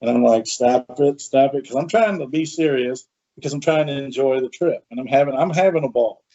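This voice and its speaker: A man hosting a podcast, chatty and animated as he tells a story with asides. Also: mid-range voice, a little fast. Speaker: podcast host. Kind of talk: casual storytelling. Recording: dull lo-fi sound.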